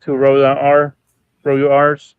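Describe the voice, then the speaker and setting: A man chatting casually on a live stream, relaxed, explaining how to pronounce names. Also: mid-range voice, measured pace, clear, resonant tone. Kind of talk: casual chat. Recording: dull, dry lo-fi stream audio.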